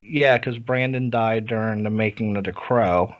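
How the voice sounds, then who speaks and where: A man's voice: lowish voice, fairly even intonation, normal speed. A man co-hosting a film podcast, talking casually and enthusiastically with frequent restarts and the odd curse. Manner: enthusiastic, profane, hesitant with many restarts. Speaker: podcast co-host. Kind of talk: casual film review chat. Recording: dull lo-fi sound.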